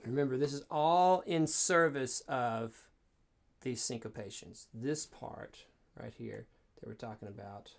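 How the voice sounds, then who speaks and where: During an online lesson, a cello teacher coaches step by step, counting each exercise aloud while cello playing sounds in the background. The voice is mid-range, a little slow, with vocal fry.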